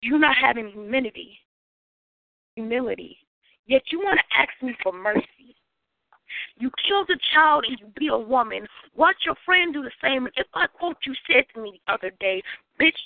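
Gravelly woman performing fierce spoken word. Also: sits high, expressive, moderate pace, no room sound. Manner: raw, confrontational delivery. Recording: tinny phone line.

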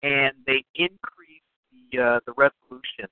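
A man's voice: medium pitch, flat delivery, measured pace, smooth, no room sound. A man hosting a call-in radio show, asking meandering questions full of fillers while he has the hiccups. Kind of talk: casual interview questions. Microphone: phone. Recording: dry, tinny phone line.

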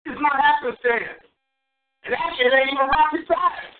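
Man, preacher, very high-pitched, emphatic repetition, sermon, phone-line sound. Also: normal speed. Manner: lively preaching, swings between high exclamations and low asides; repeats phrases for emphasis. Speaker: pastor.

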